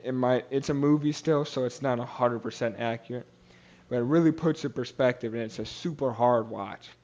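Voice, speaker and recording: A man's voice: medium pitch, brisk, a little mellow, highs cut off. A young man hosting a podcast, retelling a Bible story in casual talk, with many fillers and restarts and quotes acted out in character. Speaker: podcast host.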